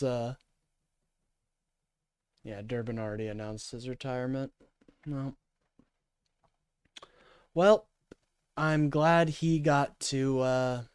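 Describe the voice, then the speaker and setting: A man streaming live, reacting to a political clip with profane, sarcastic rants that drop into low mumbling. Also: darkish tone, clear, resonant tone, no room sound, studio quality.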